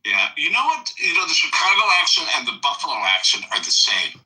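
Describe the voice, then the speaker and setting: A man's voice: a little high, quick pace, poor audio. A man hosting a podcast, trading teasing casual banter with his guests. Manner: teasing, animated. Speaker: podcast host.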